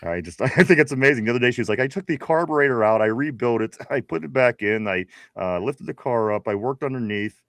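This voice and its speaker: A man's voice: mid-range voice, lively intonation, fast, few pauses, fairly bright tone, dry recording, studio quality. A man with a Pittsburgh accent hosting a casual live stream, reading viewer comments aloud with frequent laughs. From Pittsburgh area. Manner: laid-back, laughs often, reads chat messages aloud. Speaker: podcast host.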